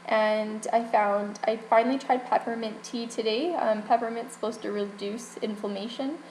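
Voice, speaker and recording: A woman's voice: on the high side, steady tone, normal speed, darkish tone, slight background noise. A young woman vlogging candidly about her health, emotional and rambling, with frequent restarts and laughs. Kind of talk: personal health vlog. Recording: echoey room with faint ambience.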